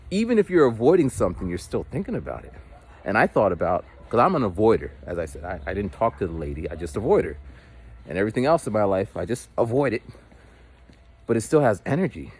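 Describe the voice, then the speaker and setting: A man's voice: on the low side, a little mellow. A man vlogging while walking, chatting casually and rambling, with frequent swearing. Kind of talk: casual walk-and-talk monologue. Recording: walking outdoors with faint street noise.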